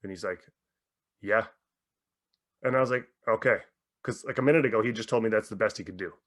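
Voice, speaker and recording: Male mindset coach, podcast guest, animated storyteller who swears freely. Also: fairly low pitch, a little fast. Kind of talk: podcast interview.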